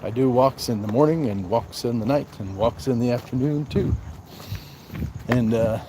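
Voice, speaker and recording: A man hosting a casual livestream on a night walk, greeting viewers by name and answering their comments in a relaxed way. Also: medium pitch, moderate pace, noisy background. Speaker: livestream host.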